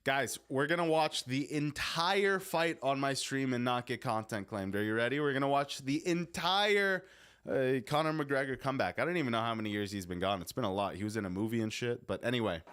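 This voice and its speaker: A man's voice: medium pitch, brisk, fairly bright tone, smooth. A young man live streaming, chatting casually with his viewers in a rambling, swearing way that keeps breaking off. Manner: rambling, swearing, self-interrupting.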